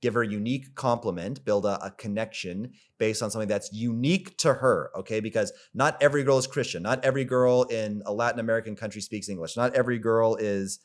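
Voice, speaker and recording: A man's voice: on the low side, fast talker, few pauses. A man coaching on dating in a rambling, casual way, full of fillers and the odd swear word. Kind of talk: casual coaching monologue to camera.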